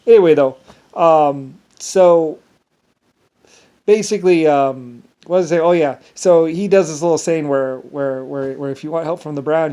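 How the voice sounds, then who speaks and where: A solo vlogger with a slightly high voice and dark tone talks alone in a rambling monologue. He meanders, restarting often and filling the gaps with filler words.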